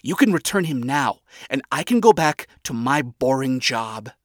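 A man voicing a blunt, skeptical woman who lectures her friend in a measured way. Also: medium pitch, very animated, dry recording, clean studio sound, close to an everyday voice. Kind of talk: audiobook character voice.

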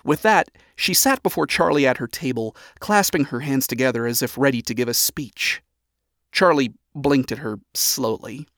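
Male storybook narrator, steady reading, medium pitch, dry close sound. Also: normal speed, dry recording.

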